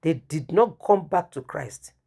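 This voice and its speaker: Middle-aged woman, lower voice, emotional storytelling preacher. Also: animated, measured pace, gravelly, dark tone, slightly rough. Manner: storytelling, acts out dialogue, emotional. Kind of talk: testimony sermon.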